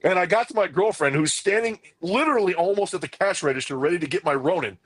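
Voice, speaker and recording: A man co-hosting a podcast, telling a rambling, excited story full of quoted back-and-forth. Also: high-pitched, quick pace, no echo. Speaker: podcast co-host. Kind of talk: casual chat, animated storytelling.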